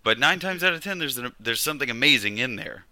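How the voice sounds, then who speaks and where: A man's voice: mid-range voice, expressive, quick pace, bright, forceful tone, no room sound. A man co-hosting a podcast, talking in a rambling, reflective casual chat with many restarts. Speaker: podcast co-host.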